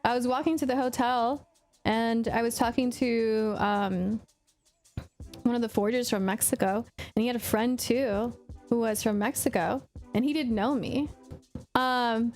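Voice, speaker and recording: A woman's voice: a little high, fairly even intonation, measured pace, darkish tone, soft background music. A woman from Puerto Rico, a streamer telling a story in a chatty, loose and conversational way. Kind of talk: casual storytelling on a livestream.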